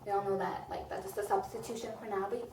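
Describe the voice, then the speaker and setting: A woman's voice: medium pitch, steady tone, quick pace, far from the mic. Gushing woman vlogger in a roomy echo. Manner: gushing, rambling, heavy use of "like". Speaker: movie review vlogger. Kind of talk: casual movie review chat. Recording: roomy echo, off-mic, faint noise.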